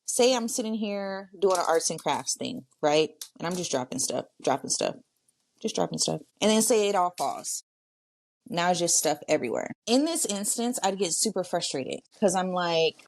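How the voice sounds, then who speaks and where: A woman's voice: on the low side, animated, normal speed, vocal fry, no room sound. A woman hosting a podcast, talking casually and directly to her listeners in a solo monologue. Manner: chatty, talks straight to listeners. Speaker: podcast host.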